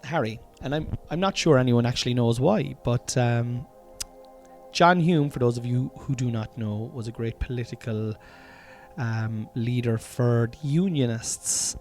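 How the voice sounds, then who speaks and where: A man's voice: mid-range voice, measured pace, a little mellow, faint music behind. An Irish man hosting a podcast in a room at home. He talks in a rambling, casual comedic monologue, swears freely and calls his listeners lads. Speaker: podcast host.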